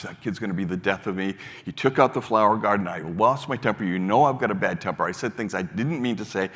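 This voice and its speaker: An older man speaks from a stage in a large hall, his voice a bit low and carrying a long reverb tail. He tells a story and acts out its dialogue, stumbling and restarting as he goes. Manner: warm storyteller acting out dialogue, many restarts. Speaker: foundation leader giving a keynote. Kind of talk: storytelling keynote speech.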